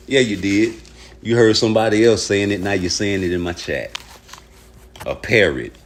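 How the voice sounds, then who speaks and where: A man's voice: on the low side, moderate pace, a little hiss or hum. A man hosting a livestream, ranting at his chat about boxing in a profane, heated way, arguing with viewers. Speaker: boxing commentary streamer.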